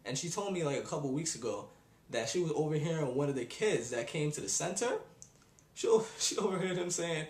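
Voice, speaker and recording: A man's voice: on the high side, moderate pace, pauses often. Young man ranting in an echoey room. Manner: exasperated, animated ranting. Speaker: vlogger. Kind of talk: ranting video blog.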